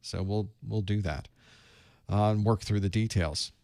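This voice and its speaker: Before leading a live certification study session, a Southern-accented man from the US South makes easygoing pre-show conversation, greeting viewers by location. His fairly low, creaky, warm voice stays steady at a measured pace, captured dry and clean in a studio.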